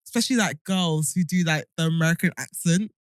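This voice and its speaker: A young British woman co-hosting a podcast, chatting casually in an animated, teasing way. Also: on the low side, no echo, studio quality. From United Kingdom. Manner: animated, teasing, quick to laugh. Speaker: podcast co-host. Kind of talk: casual chat.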